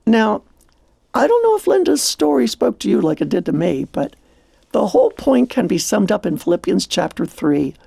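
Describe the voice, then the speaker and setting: A man's voice: high-pitched, big pitch swings, normal speed, creaky, dark tone, breathy edge, dry recording. A man co-hosting a devotional radio program, speaking in an earnest, reflective way.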